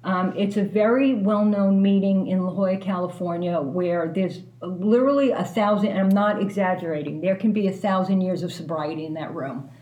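A woman candidly telling a personal story as a guest, animated and self-mocking, swearing freely. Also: fairly low pitch, normal speed, hardly any pauses, roomy sound.

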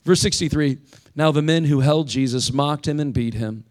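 A man's voice: on the high side, moderate pace, a little mellow. Earnest conversational man preaching a sermon. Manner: conversational and earnest, with emphatic repeated phrases. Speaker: pastor. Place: church sanctuary.

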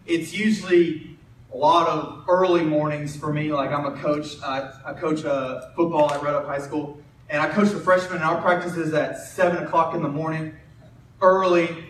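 A man's voice: on the high side, moderate pace, a little hiss or hum. A young man preaching a casual sermon. He tells a coaching story in a chatty way, often restarting his words. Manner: conversational, self-interrupting, animated storyteller. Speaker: preacher and high school football coach. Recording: roomy distant mic in a hall.

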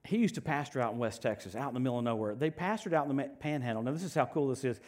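A male pastor preaching a sermon in an animated, joking way, swinging from loud outbursts to soft asides. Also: medium pitch, racing.

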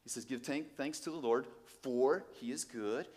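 Male preacher, middle-aged, animated, emphatic, rhetorical questions, mid-pitched voice. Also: moderate pace, big-room sound. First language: Portuguese. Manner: animated, emphatic, swings from low asides to loud exclamations, rhetorical questions. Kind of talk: sermon.

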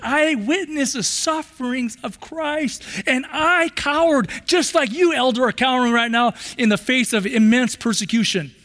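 A man's voice: fairly high pitch, measured pace, pitched below the performer's own voice, natural voice. A man preaching, voicing the apostle Peter as a humbled grown man confessing his failure in an earnest, confessional way. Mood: humble. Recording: long hall reverb.

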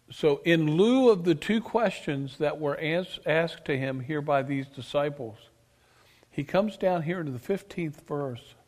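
A male preacher delivering an emphatic sermon, asking his congregation questions and swinging between loud declarations and quiet asides. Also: on the high side. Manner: emphatic, rises and drops sharply, asks the congregation questions. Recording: long reverb of a church hall.

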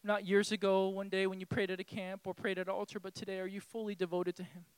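A man preaching a sermon as pastor in a church, impassioned and pleading, swinging from hushed tones to shouting. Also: high voice, flat delivery, quick pace, smooth, no echo. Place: church hall.

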